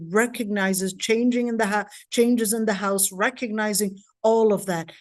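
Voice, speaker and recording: A woman's voice: mid-range voice, no echo, studio quality. A woman from Palestine, in her thirties, giving a casual lecture with personal anecdotes, chatty with frequent restarts and asides.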